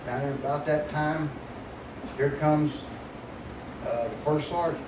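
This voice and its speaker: A man's voice: fairly high pitch, measured pace, long pauses. An older man telling a folksy military story to an audience with a laugh. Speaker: guest speaker. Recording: echoey hall, mic at a distance, noisy.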